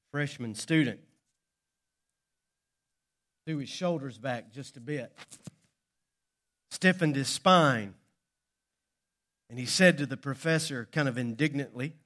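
A man's voice: mid-range voice, slow, long pauses, fairly bright tone. A male pastor preaching a sermon, telling a story with dramatic pacing.

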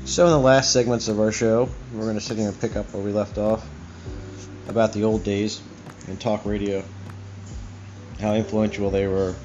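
A man's voice: on the low side, level tone, moderate pace, long pauses. A man hosting his own talk show, ranting in a heated, profane, rambling way. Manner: profane, heated and rambling, with many "you know what I mean"s. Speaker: host. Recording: dull lo-fi recording with faint music.

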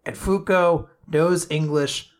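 A man's voice: on the high side, takes it slowly. A man co-hosting a podcast, casually recapping a comic chapter, laughing and swearing as he retells it. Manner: laughing, profane, animated retelling. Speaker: podcast co-host.

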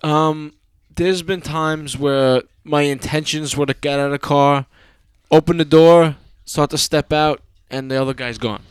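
A man with a thick New York accent talks in loose, swearing banter as a podcast host. His voice sits a touch high for a man and comes through smooth and resonant. The recording is dry and close. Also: fairly even intonation, measured pace, no echo. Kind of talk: casual chat.

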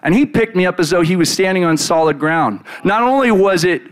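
A man preaching by retelling a Bible story in the first person, in an animated, casual way with many fillers. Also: sits high, a little fast.

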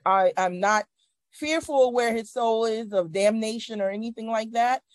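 A woman's voice: on the high side, normal speed, no echo. A middle-aged woman, a guest on a podcast, speaks earnestly about her faith over a video call, often restarting her sentences. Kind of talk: casual conversation.

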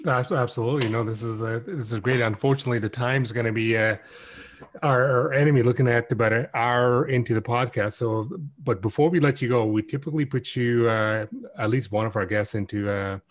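A man's voice: medium pitch, fairly even intonation. A man co-hosting a podcast over a video call, talking casually with lots of fillers and restarts. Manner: halting, many fillers and restarts. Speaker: podcast co-host.

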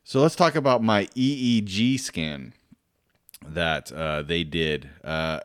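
Deep-voiced man rambling with fillers. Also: slow, smooth, no room sound, clean studio sound. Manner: rambling, self-deprecating, lots of fillers and restarts, swears freely. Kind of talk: casual storytelling monologue.

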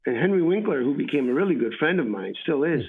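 A man's voice: a little high, sing-song, quick pace, creaky, a little hiss or hum. A man, an actor being interviewed, telling rambling stories and acting out what people said. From United States. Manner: rambling storyteller, acts out dialogue. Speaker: actor guest. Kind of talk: casual anecdotal interview. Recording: tinny phone-like radio line.

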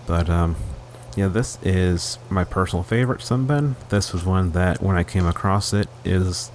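A man hosting a casual film podcast, talking haltingly with many restarts and fillers. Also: low-pitched, a little mellow, a little hiss or hum. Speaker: podcast host.

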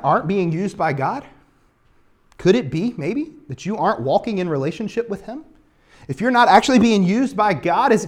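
Male pastor, casual animated sermon delivery, playful character asides. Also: high-pitched. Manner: animated storytelling, acts out biblical characters casually.

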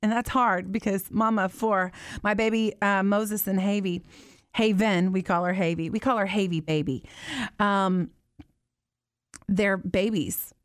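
A woman's voice: mid-range voice, steady tone, unhurried, clear, resonant tone, no echo, clean studio sound. A woman in her thirties hosting a live Q&A chat, talking earnestly and animatedly, with lots of fillers. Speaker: host.

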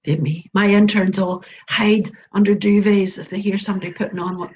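A woman's voice: medium pitch, fairly even intonation, a little fast, darkish tone, breathy edge, muffled recording. An Irish woman talking as a storyteller guest in an interview, earnest and emphatic, repeating her points. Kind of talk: interview conversation.

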